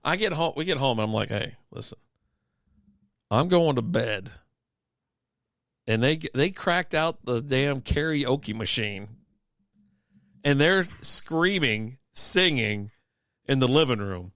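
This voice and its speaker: A man's voice: medium pitch, animated, measured pace, a bit bright, clear, resonant tone, no echo, studio quality. A man chatting casually as co-host of a beer and sports stream, rambling through profane stories with frequent laughs while sick with a cough. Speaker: podcast co-host.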